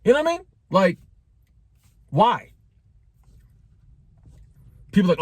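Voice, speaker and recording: A man's voice: high voice, very animated, slow pace, long pauses, darkish tone, breathy edge, no echo. A man in his forties talking casually in a joking, conversational way, full of slang and asides to his viewers. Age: 40s. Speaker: vlogger. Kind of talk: casual talking-head monologue.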